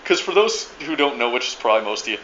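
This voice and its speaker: A man's voice: mid-range voice, very animated, fast, a bit bright, dull audio, slight background noise. A man ranting to his viewers in a profane, rambling monologue, full of restarts and stammered repeats. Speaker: video blogger ranting to viewers.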